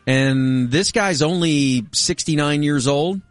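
A man's voice: a little high, slow, dry recording, soft background music. Jokey man hosting a talk show. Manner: jokey, teasing, leads the segment. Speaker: radio show co-host. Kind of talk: casual banter.

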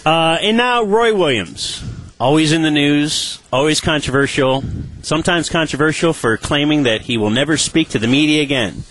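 A man's voice: on the high side, animated, normal speed, hardly any pauses, a bit bright, no room sound, low-quality recording. A man hosting a sports radio show, telling a story with a wry, chuckling delivery. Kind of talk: casual radio banter.

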